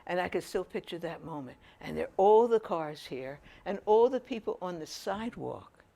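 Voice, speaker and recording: An older woman telling personal stories to an audience in a chatty, animated way. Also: fairly low pitch, normal speed, vocal fry. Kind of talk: storytelling talk.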